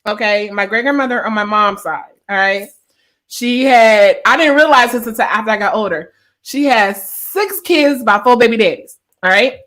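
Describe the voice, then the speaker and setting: A woman guest with a high voice tells stories in a casual podcast chat. She is blunt and swears freely. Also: normal speed, a bit bright. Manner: blunt, profane storyteller.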